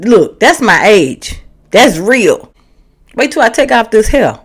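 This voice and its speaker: Sassy animated woman in her fifties. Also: high voice, normal speed. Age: 50s. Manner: sassy, animated, slangy, acts out quoted voices. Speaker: vlogger and comedian. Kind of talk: candid motivational talk to camera.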